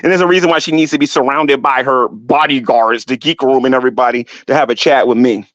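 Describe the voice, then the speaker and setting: A man doing a YouTube livestream, ranting at rivals with animated, mocking talk and frequent laughter. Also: mid-range voice, fast talker, dry recording. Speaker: YouTube commentator. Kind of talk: mocking rant to a livestream chat. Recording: dull, dry lo-fi audio.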